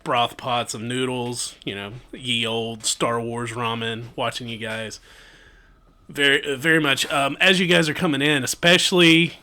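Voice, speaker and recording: Bright-voiced man narrating a tabletop game. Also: mid-range voice, fairly even intonation, unhurried. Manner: loose, chatty, laughs often, trails off into fillers. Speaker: game master.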